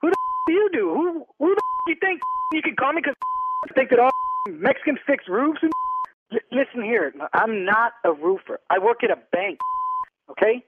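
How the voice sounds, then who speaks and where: A raspy man with a very high-pitched voice rants down the line in an indignant, shouting tirade. The sound is thin and tinny like a phone call, with a dry, close feel. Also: very animated, moderate pace. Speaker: prank call target. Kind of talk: angry phone argument.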